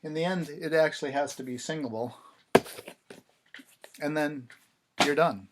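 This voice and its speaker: Against a noisy background, a songwriter speaks unhurriedly to his camera in a high-ish voice. His casual vlog about writing lyrics is sarcastic and wry, with repetitions played for mock drama.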